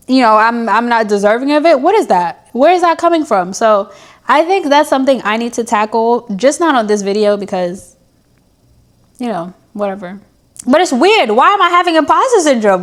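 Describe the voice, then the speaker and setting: Young woman, vlogger, candid diary talk, self-mocking, emotional pep talk, higher pitch.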